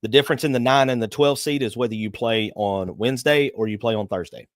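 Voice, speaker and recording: A man co-hosting a sports talk show, calmly laying out seedings and game details. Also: medium pitch, fast, no echo, studio quality. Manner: steady, explains stats and seeding. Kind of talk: sports analysis chat.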